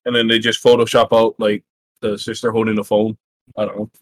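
A man's voice: on the low side, completely flat delivery, fairly quick. A young man from Hawaii co-hosting a casual podcast, laid-back, swearing and hedging with "like" and "I don't know". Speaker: podcast co-host.

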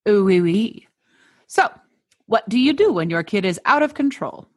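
A woman's voice: on the high side, big pitch swings, normal speed, husky. A woman hosting a podcast, mixing casual chat with a scripted story told in a playful, jokey way. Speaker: podcast host.

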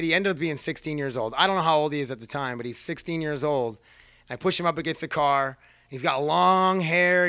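A man's voice: fairly high pitch, bright, forceful tone, no room sound, studio quality. A man casually telling a rambling personal story, swearing freely and poking fun at himself. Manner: profane, rambling, self-mocking.

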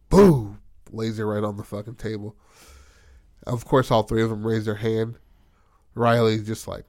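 Telling the tale of a tabletop game in easy conversation, a man with a fairly low voice keeps a measured pace, curses liberally, and performs each character's lines with gusto. The recording is studio quality, with no echo.

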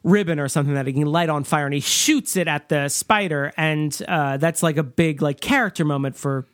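A man's voice: on the high side, a little fast, a bit bright, no room sound, clean studio sound. A man co-hosting a podcast, chatting casually about a film with many fillers and restarts. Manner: chatty, filler-heavy, rambling analysis. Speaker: podcast co-host.

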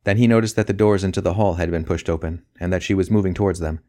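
A man narrating a novel as an audiobook in a steady, measured reading. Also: low voice. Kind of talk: scripted narration.

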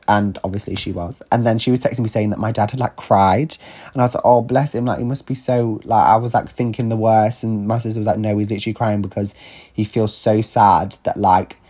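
A man's voice: on the low side, dark tone. A young man telling a personal story in a chatty, candid podcast monologue, full of fillers and the odd swear. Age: young adult. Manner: chatty, candid, sweary, lots of likes and ums. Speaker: podcast host.

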